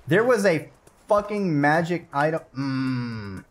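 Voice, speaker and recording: A man livestreaming a game, chatting casually and reacting loudly, swearing when things go wrong. His voice leaps up and down in pitch, and his talk stays slow and unhurried between the outbursts. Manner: excitable, swears and yelps at the game. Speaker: streamer. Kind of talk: casual gameplay commentary.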